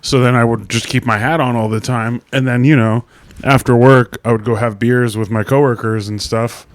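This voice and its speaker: Laid-back, dry-humored podcast co-host. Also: male voice, mid-range voice, steady tone, moderate pace, dry recording. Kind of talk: casual comedic chat.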